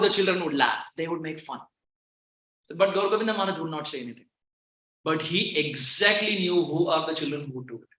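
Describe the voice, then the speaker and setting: A man giving a devotional sermon in a temple hall, earnest and repeating key phrases, moving from hushed to emphatic. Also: on the high side. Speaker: visiting devotional speaker.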